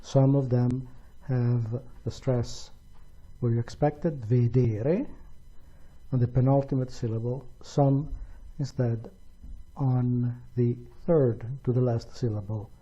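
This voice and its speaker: A man teaching a grammar lesson slowly and deliberately, pronouncing each example with care. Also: medium pitch, fairly even intonation, dark tone, breathy edge, lo-fi sound. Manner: slow, deliberate, careful pronunciation of examples. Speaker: language teacher. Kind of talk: slow explanatory grammar lesson.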